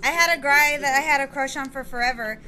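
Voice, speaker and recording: A woman with a high, bright voice tells bawdy stories in loose, casual chat. She giggles and swears freely as she goes. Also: fast talker, slight background noise. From California. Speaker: guest.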